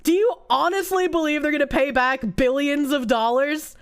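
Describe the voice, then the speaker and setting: A woman streamer chatting casually with her viewers. She is sarcastic and quick with banter, and her voice sits fairly high. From United States. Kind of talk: casual chat reacting to viewer comments.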